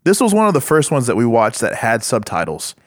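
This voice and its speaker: An American man co-hosting a podcast, delivering jokes in a deadpan, drawn-out way. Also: medium pitch, dry recording, clean studio sound. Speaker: podcast co-host. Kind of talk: casual chat.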